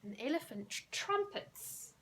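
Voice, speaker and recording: Lady teacher, slow clear talk for little kids, bit high, faint room hiss. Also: very animated, fairly bright tone. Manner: slow, clear, encouraging teacher talk, drawing out animal sounds. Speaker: primary school teacher. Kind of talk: recorded remote lesson for children.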